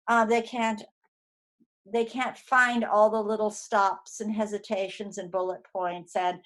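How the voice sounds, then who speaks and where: Woman giving a conversational lecture. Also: medium pitch. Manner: conversational, with many fillers and restarts. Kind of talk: recorded lecture.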